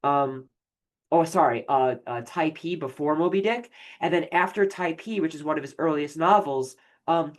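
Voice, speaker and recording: In a recorded literature lecture, a professor with a mid-range voice explains ideas with plenty of fillers and restarts. At points he slows right down to read poetry aloud.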